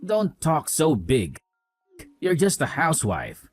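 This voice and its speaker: A man's voice: fairly high pitch, wildly swooping pitch, slow pace, breathy edge, dry recording, faint music behind, exaggerated voice. A man voicing a young husband who scolds his wife with contempt and sides with his mother in a voiced drama story. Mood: scornful.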